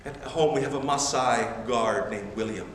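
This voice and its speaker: A man preaching a sermon as a missionary, animated and emphatic, with self-deprecating humor. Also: mid-range voice, normal speed, recorded from a distance, slight background noise. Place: large church sanctuary. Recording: echoey church hall from afar.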